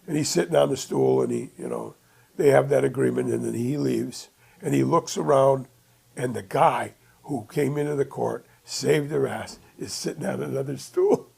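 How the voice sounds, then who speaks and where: A man presenting a workshop, retelling a film plot in an animated way with chuckles, acting out the scenes as he goes. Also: mid-range voice, moderate pace, gravelly, slightly rough.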